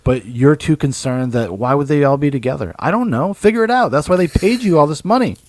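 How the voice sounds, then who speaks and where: A man co-hosting a podcast, chatting casually about films in an animated way, swearing freely and laughing often. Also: on the high side, brisk, dry recording. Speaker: podcast co-host. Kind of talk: casual film discussion.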